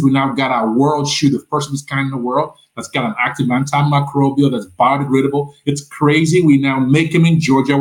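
A middle-aged man tells his story as an interview guest, in a voice of ordinary pitch. He talks with lively energy, acts out the people he quotes, and often stumbles over repeated words. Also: rough recording. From Nigeria.

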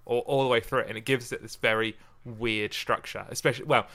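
A man hosting a casual podcast, reading a sonnet in a measured way and then chatting about it with many restarts. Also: medium pitch, steady tone, sharp tone. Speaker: podcast host.

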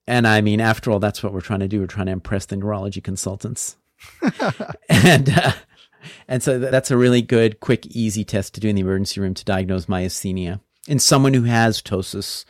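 A male neurologist walking through bedside tests step by step in a brisk, explanatory manner. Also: lowish voice, steady tone, no room sound, clean studio sound. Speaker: neurologist, guest doctor. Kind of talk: clinical explanation in an interview.

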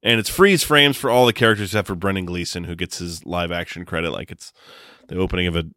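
Male co-host, very deep voice, sardonic movie chat, dry sound. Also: fast, bright, forceful tone, dry recording. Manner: sardonic, swears casually. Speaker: podcast co-host. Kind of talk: casual movie-review chat.

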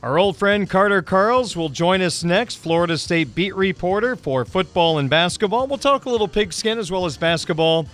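Brisk sports radio host, man. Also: high-pitched, fairly bright tone. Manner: brisk broadcast delivery, reading scores and plugs. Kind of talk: radio sports show hosting.

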